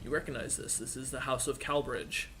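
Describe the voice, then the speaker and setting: A man narrating as dungeon master in a halting way, with many fillers. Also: medium pitch, fairly even intonation, sharp tone, slight background noise. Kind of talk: narrating a tabletop game.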